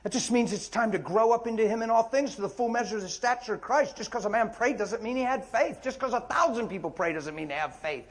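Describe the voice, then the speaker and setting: A man preaching an impassioned sermon, firing rhetorical questions, repeating phrases, and swinging from shouting to near whispers. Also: high-pitched, brisk, few pauses.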